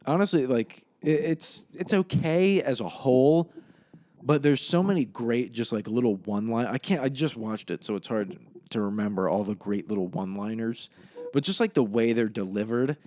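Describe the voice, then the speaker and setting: A man's voice: medium pitch, expressive, moderate pace, darkish tone. Rambling, profane young man on a podcast. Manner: rambling, profane, laughs at his own retelling. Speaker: podcast host. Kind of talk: casual solo podcast chat.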